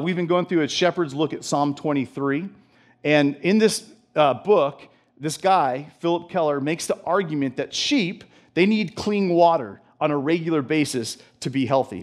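A man delivering a sermon with a slightly raised voice. He talks conversationally, building fervor and breaking into chuckles, with plenty of restarts along the way. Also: a little high. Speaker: pastor.

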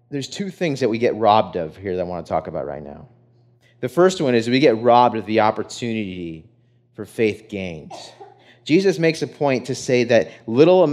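A young man preaching a sermon, animated in his storytelling and full of rhetorical questions. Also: medium pitch. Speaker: pastor.

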